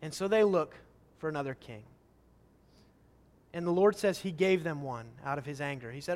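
A man's voice: on the high side, normal speed, long pauses. A man preaching a sermon, reading Scripture and acting out the people's pleas with rising, emphatic questions.

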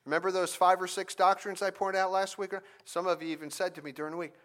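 Animated male preacher, slightly high voice. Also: fast, hardly any pauses. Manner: animated preaching, rising emphasis on key points. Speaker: pastor. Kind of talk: sermon.

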